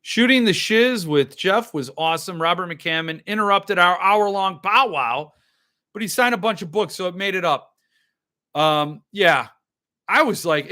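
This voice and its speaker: A man's voice: high-pitched, a little slow, bright, forceful tone. A man hosting a podcast, rambling in loose, joking casual chat while he opens and drinks wine. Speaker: podcast host.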